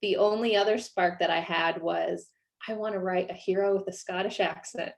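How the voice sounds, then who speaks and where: A woman from Iowa, an author talking casually about her writing, self-deprecating and quick to laugh. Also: lowish voice, steady tone, vocal fry, a little hiss or hum. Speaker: author guest. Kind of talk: casual interview chat.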